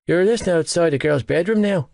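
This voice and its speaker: A man voicing a gruff, irritable teenage rugby player who swears, in an audiobook. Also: fairly high pitch, fast talker, darkish tone, dry recording, clean studio sound, voice pushed up. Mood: irritated. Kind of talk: audiobook character voice.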